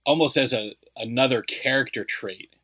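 A man's voice: mid-range voice, moderate pace, a bit bright, no echo, poor audio. A man co-hosting a casual movie review podcast, talking in a loose, rambling way full of "like" and "you know.". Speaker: podcast co-host.

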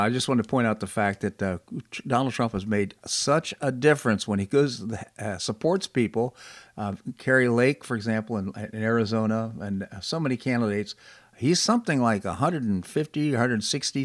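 A male talk-show host chats casually about politics, agreeable and unhurried, often pausing on fillers. His voice sits at an ordinary pitch. The recording is dry and close, with no room echo. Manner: relaxed, agreeable, hesitant with fillers.

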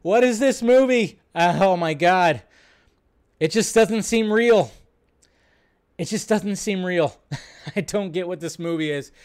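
A man with a somewhat high voice hosts a casual live stream into a desk mic. He rambles, curses freely and laughs often as he reacts to chat. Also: slow pace, pauses often, clear, resonant tone.

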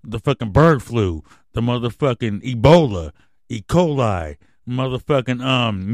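In a foul-mouthed, meandering rant on his own radio show, a man acting as podcast host pushes conspiracy ideas and ends on a subdued, emotional note. His medium-pitched voice is expressive and unhurried. It's a dry, studio-quality recording.

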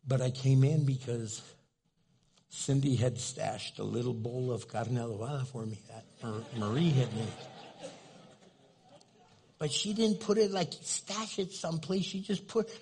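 A man's voice: mid-range voice, measured pace, vocal fry, dark tone, breathy edge. An older man preaching a conversational sermon as pastor, telling folksy stories and speaking directly to his congregation.

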